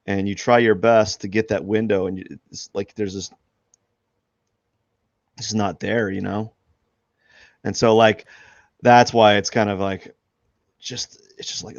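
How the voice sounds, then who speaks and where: A man's voice: on the low side, steady tone, a little slow, pauses often, no echo. A man who is an artist chatting casually during a live drawing stream, rambling with many restarts and fillers, and laughing at himself. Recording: dull lo-fi dry sound.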